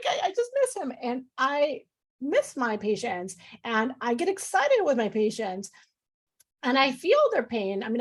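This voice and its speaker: A middle-aged woman doctor talking in a loose, effusive way, full of "like" and little asides, who slips into lively quoted voices. Her voice sits a little higher than most. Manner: effusive, talks with lots of fillers, acts out quoted voices. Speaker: physician guest. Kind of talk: casual interview talk.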